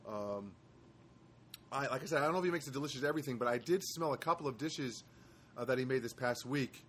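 Man host, mid-pitched, talking loosely to camera in a chatty monologue, rambling with wry asides; faint hiss behind him. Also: fast, fairly bright tone. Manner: rambling storyteller, wry asides, frequent hesitations. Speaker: host of his own live show. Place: studio apartment.

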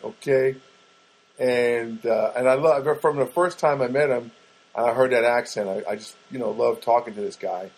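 This podcast host is a man whose mid-range voice has a darkish tone, captured on a rough recording at a moderate pace. Talking straight to his audience in a chatty way, he wanders through an offhand story, restarting often and leaning on fillers.

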